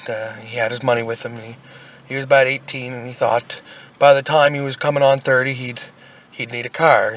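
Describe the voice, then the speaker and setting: A man's voice: mid-range voice, fairly bright tone, lo-fi sound. Profane man rambling through jokes. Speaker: podcast co-host. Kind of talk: casual chat, telling jokes.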